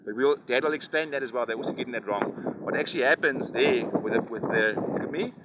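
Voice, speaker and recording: A man's voice: mid-range voice, fast talker, muffled recording. A man explaining nature to a child outdoors by a river, rambling and often asking "right? you understand?". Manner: lecturing, keeps checking "right? you understand?". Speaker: environmental activist explaining to a child. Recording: loud wind noise outdoors.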